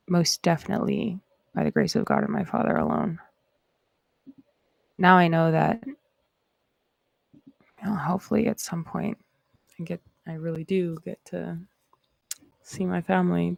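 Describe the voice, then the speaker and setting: A Canadian woman with a Canadian accent hosts a casual livestream chat, rambling and reflective. Her voice is on the low side, with vocal fry and a darkish tone, and there's no room sound.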